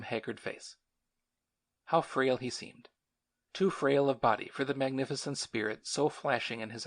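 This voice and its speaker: A man narrating a novel as an audiobook in a measured, sombre manner. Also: mid-range voice, gravelly. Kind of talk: scripted narration.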